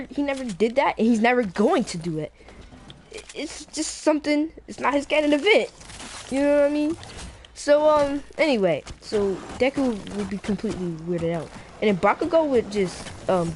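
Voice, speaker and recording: A woman's voice: mid-range voice, a little mellow, a little hiss or hum. A woman YouTuber casually telling a fan-fiction story, rambling with many fillers and restarts.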